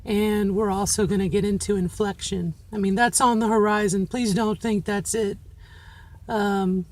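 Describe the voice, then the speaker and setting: Her mid-range voice has a darkish tone, fairly even intonation, and normal speed. As a middle-aged vlogger, she reflects casually and candidly to her viewers, encouraging herself, and she places her trained feminine voice with care.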